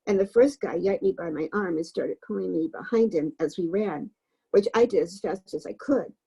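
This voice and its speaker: A woman reading a novel aloud for a book club, in a gravelly, husky voice. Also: fairly low pitch, normal speed, dark tone, poor audio.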